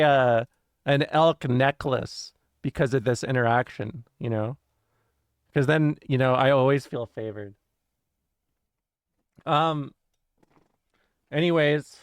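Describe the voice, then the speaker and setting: A woman's voice: very deep voice, dry recording, studio quality. A woman streamer in casual livestream chat from a home setup, rambling, swearing and interrupting herself with frequent laughs.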